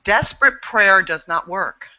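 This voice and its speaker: A woman's voice: medium pitch, lively intonation, a little slow, sharp tone, highs cut off. A woman speaking as an interview guest and intuitive healer, frank and earnest, swearing freely as she talks. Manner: earnest and emphatic. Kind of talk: candid interview talk.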